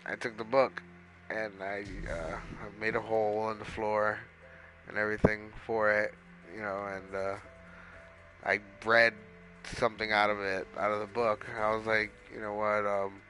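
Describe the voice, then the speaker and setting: A man's voice: on the low side, level tone, moderate pace, sharp tone, soft background music, rough recording. A man casually telling a long story while playing a video game, rambling with lots of swearing and fillers. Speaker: gaming streamer.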